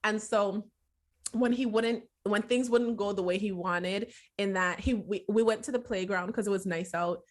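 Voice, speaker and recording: Woman podcast co-host, mom telling stories, acts out quotes, quick to laugh. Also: medium pitch. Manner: reflective storyteller who acts out quotes and laughs easily. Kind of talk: casual chat.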